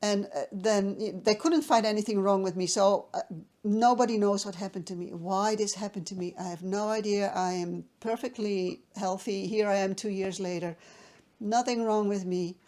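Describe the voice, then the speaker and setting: A woman's voice: mid-range voice, fairly even intonation, moderate pace, dark tone. A woman from the Netherlands telling a personal story to the camera, hesitant and emotional, with many restarts.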